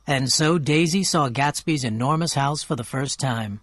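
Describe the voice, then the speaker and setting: Man reading a story for learners, clear and measured, mid voice, dry close mic. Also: medium pitch, a bit bright, no echo. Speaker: narrator. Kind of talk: scripted storybook narration for learners.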